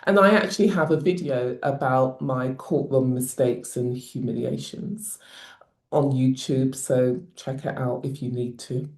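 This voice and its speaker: A woman with a non-posh British accent, an advocacy trainer giving measured, emphatic advice to camera. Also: rumbling low, fairly even intonation, a little mellow, reverberant. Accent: non-posh British English. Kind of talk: teaching talk to camera.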